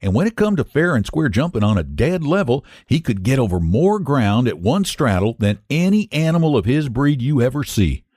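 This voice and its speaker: A man's voice: mid-range voice, darkish tone, no room sound, clean studio sound. A man reading a classic short story aloud as host, telling it in a folksy rural dialect. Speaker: story reader.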